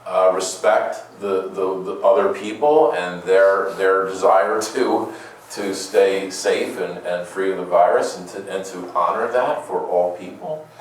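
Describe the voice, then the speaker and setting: A man's voice: low-pitched, a little slow. A man giving a conversational homily, full of rhetorical questions and playful asides, often repeating his words as he goes. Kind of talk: conversational sermon. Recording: very echoey room, distant mic.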